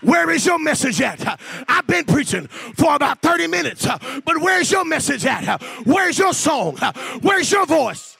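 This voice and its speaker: A man preaching a sermon, shouting in a sing-song cadence with "uh" breaths between phrases. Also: very high voice, sing-song, a little slow, gravelly, hardly any pauses, no room sound.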